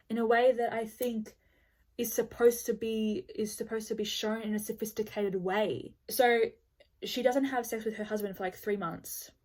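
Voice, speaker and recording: A woman reviewing books in a casual vlog, blunt and exasperated, with lots of "like" and the odd swear. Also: a little high. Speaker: book reviewer.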